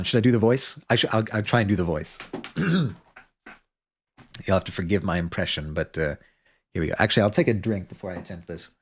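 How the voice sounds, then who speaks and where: Guy streamer rambling casually, lots of restarts, lowish voice. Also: slightly rough. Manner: rambling, self-interrupting, many restarts and fillers. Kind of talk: casual livestream chat.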